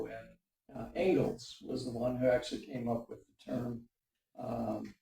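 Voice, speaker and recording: A man's voice: medium pitch, warm tone. A man leading an adult education class at a church, lecturing with many fillers and asking "okay?" to check in with the group. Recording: roomy, mic at a distance.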